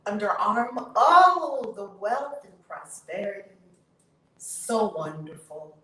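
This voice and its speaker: A woman hosting her channel, leading a guided tapping session with slow, drawn-out chanted affirmations that turn breathy and emphatic. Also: mid-range voice, big pitch swings, a bit bright. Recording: echoey room, distant mic, faint noise.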